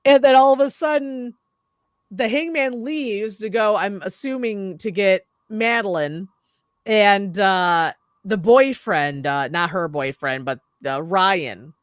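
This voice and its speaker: A woman's voice: mid-range voice, takes it slowly, dry recording, studio quality. Profane woman recapping a horror movie. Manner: profane, animated retelling with quoted voices. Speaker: horror movie review host. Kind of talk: casual movie recap chat.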